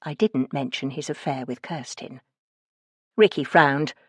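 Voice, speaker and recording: A woman narrating a first-person mystery audiobook in a wry, lively storytelling manner. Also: a bass voice, a little slow, breathy edge, no room sound, clean studio sound.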